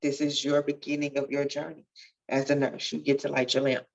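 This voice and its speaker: A woman's voice: sits low, little pitch movement, a little fast, creaky, muffled recording. A woman guest telling her life story in an earnest, testifying way that swells with feeling. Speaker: podcast guest, nurse. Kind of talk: emotional storytelling interview.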